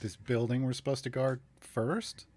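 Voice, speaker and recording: A man with a husky voice plays a tabletop game and talks through his plans in a dry, practical way. He is recorded close, in a dead room. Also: mid-range voice, moderate pace, darkish tone, no room sound. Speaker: player. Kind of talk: casual tabletop play.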